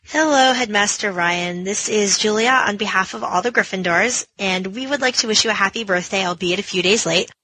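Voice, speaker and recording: A woman's voice: medium pitch, brisk, few pauses, bright, forceful tone, low-quality recording. A woman reading out a friendly birthday dedication on behalf of her group, listing the cast. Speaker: presenter of a group gift.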